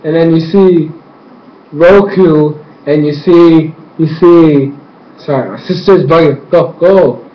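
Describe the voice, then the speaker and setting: A man giving a rambling, gushing recap of a cartoon episode, excitable and casual. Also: on the high side, slow pace. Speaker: fan reviewer. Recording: roomy, dull lo-fi home recording with faint noise.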